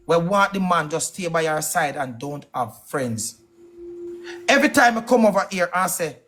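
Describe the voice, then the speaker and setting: On a live stream, a Jamaican-accented man fires off questions in a heated, accusing tirade. He has a high, slightly bright voice.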